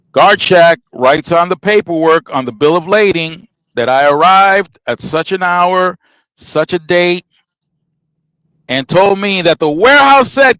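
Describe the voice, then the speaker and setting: Animated man telling a story, dry sound. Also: sits high, clean tone, dry recording, poor audio. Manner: animated storyteller acting out dialogue, emphatic. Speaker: podcast host telling a trucking story. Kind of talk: casual storytelling.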